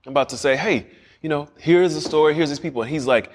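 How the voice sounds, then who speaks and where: A man who is a guest telling stories in a casual interview, animated, often restarting sentences and acting out what others said. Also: fairly high pitch, fast, in a large hall, a little hiss or hum. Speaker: guest, series creator. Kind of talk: casual storytelling.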